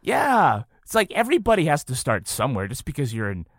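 A man's voice: medium pitch, brisk, dry recording, studio quality. A man from western Massachusetts, a podcast guest telling stories in casual conversation. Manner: storytelling, animated when quoting people. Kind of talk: casual chat.

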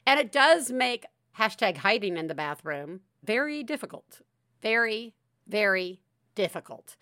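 A woman's voice: medium pitch, unhurried, dry recording, clean studio sound. A woman hosting a podcast from home, chatting casually and animatedly, laughing often. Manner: animated, laughs often, shouts quoted lines. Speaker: podcast host.

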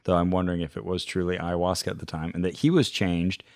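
Low voiced guy podcaster, dry sarcastic quips, very dry close sound. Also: little pitch movement, fast talker, no room sound. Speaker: podcast co-host. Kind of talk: casual chat.

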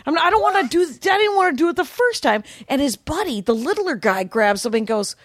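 A woman's voice: high-pitched, fairly quick, hardly any pauses, dry recording, clean studio sound. A woman co-hosting a podcast, telling a story in casual chat and acting out the people in it with quoted voices. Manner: animated retelling with quoted voices. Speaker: podcast co-host. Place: podcast studio.

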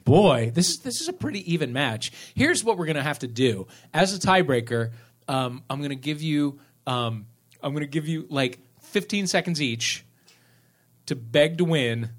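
A man hosting a live comedy game show on a theater stage, announcing with animated energy. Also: a little high, moderate pace. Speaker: host.

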